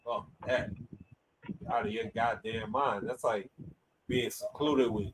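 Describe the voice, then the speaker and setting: A man's voice: mid-range voice, fairly even intonation, slow, background noise. A man co-hosting a casual boxing podcast, blunt and profane in his banter. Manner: blunt, profane trash talk. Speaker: podcast co-host.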